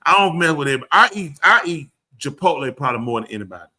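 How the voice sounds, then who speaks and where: A man hosting a live show, telling stories in an animated way and acting out the people he quotes. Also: on the high side, fast talker. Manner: animated storyteller, acts out quotes. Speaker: host. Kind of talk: casual chat.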